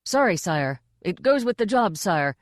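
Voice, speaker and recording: A woman's voice: medium pitch, sing-song, unhurried, dry recording, clean studio sound. A woman voicing a blustering, over-zealous male castle sergeant in an audiobook. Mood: eager. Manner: loud, dim-witted, over-zealous.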